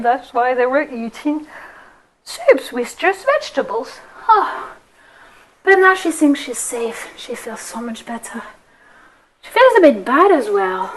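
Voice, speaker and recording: A woman telling a story as a kids' yoga class, high-pitched and very lively in her intonation. She talks slowly and playfully, guiding the poses. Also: a little hiss or hum, poor audio. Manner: playful, expressive, sing-song. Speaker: kids yoga teacher.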